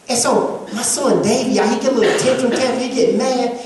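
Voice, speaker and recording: A woman's voice: on the high side, fast talker, a little mellow. A woman preaching a sermon to a congregation, emphatic and repetitive, in a call-and-response style. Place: church sanctuary with congregation. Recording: echoey church hall from far off.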